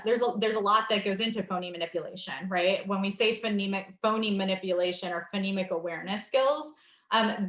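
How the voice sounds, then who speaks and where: A woman's voice: mid-range voice, fairly bright tone, reverberant. A young adult woman giving a webinar talk to teachers, explaining with many ums and modeling classroom prompts. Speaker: reading instruction presenter. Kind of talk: webinar training presentation.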